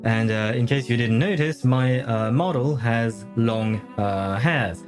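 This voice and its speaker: Speaking slowly in a mid-range voice, this live streamer rambles through casual chat full of fillers, laughs and corrections of himself. He's not a native English speaker, and soft game music can be heard in the background.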